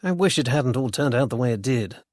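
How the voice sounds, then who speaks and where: A man voicing a courteous, apologetic young gentleman sleuth in a storybook reading, speaking briskly. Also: medium pitch, animated, no echo, studio quality, close to an everyday voice. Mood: polite, apologetic.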